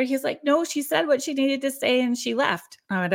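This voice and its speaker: A woman's voice: sits high, moderate pace, few pauses. A woman in her forties hosting a show, reading viewer comments and telling a personal story in a casual, friendly way. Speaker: podcast host.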